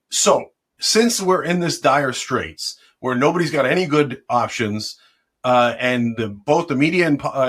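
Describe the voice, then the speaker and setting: A man's voice: medium pitch, fairly bright tone. A middle-aged man speaking passionately and combatively in an interview conversation about politics and a possible run for office.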